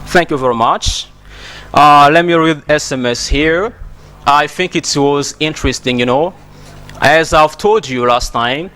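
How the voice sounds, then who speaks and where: Congolese man, high voice, slow and repetitive, teaches English on TV. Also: bright, forceful tone. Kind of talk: broadcast English lesson.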